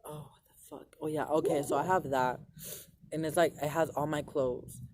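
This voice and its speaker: A man's voice: a little high, steady tone, normal speed, a little mellow. A young man telling a long personal story to his viewers in a rambling, profane way, full of "like" fillers. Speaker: vlogger. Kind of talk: casual storytelling to camera.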